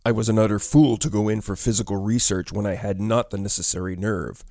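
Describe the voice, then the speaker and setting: A man narrating a ghost story in a measured storytelling delivery. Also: on the low side, fairly even intonation, mellow, no echo, clean studio sound.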